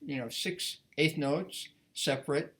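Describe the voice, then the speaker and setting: A man giving a casual violin lesson, talking in a relaxed, rambling way with frequent restarts. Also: on the high side, takes it slowly. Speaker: violin teacher.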